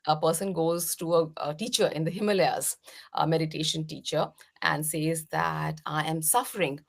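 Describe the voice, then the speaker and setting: A middle-aged woman from India, a meditation teacher, gently explaining mindfulness as a podcast guest with frequent "uh" fillers. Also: sits low, level tone, moderate pace, vocal fry. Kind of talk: podcast interview answers.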